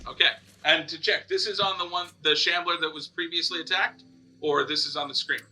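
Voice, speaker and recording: A man running a tabletop game as dungeon master, narrating lively and acting out monster screams. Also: on the high side, a little fast, music in the background.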